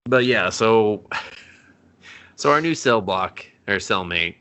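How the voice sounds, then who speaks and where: A man's voice: fairly low pitch, animated, slow, pushed and bright, clean tone. A man co-hosting a casual movie review podcast, laughing often and swearing as he quotes characters.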